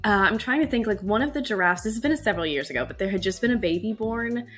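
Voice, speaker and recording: A woman's voice: mid-range voice, expressive, fast, fairly bright tone, faint music behind. A woman on a casual panel chat, telling stories in a chatty way with lots of filler words. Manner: chatty storyteller, many filler likes. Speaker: panel member.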